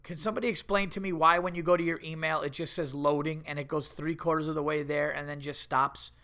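A middle-aged man talks straight into a podcast mic, swearing freely as he tells stories. His voice sits a little high for a man and sounds bright, with a forward edge to it. It comes across as a loose, animated solo monologue. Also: quick pace. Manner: profane, animated storytelling. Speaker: podcast host.

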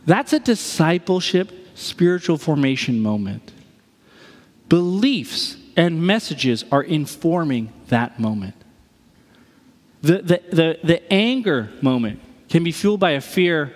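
Man, pastor, sermon, high-pitched, expressive, long echo. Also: moderate pace. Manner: expressive, acts out everyday scenes in different voices.

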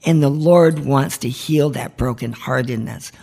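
A woman's voice: very deep voice, unhurried, creaky, hardly any pauses, mellow, breathy edge. A woman hosting a marriage ministry podcast, giving heartfelt devotional teaching in an earnest, pleading way.

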